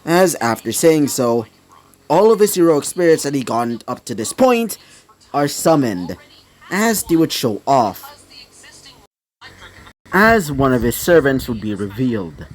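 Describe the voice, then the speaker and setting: A man's voice: medium pitch, sing-song, measured pace, long pauses. Rambling male fan-fiction storyteller. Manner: rambling, many fillers. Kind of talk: improvised fan-fiction narration.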